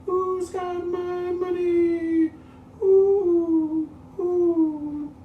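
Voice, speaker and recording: A shrill, slow, moaning ghost woman, put on by a male storyteller, wailing from far off. Her cry climbs very high and stretches every word. The room echoes around a distant mic with a faint hiss. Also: little pitch movement, phone-quality sound, full character voice. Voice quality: high, drawn-out moaning wail.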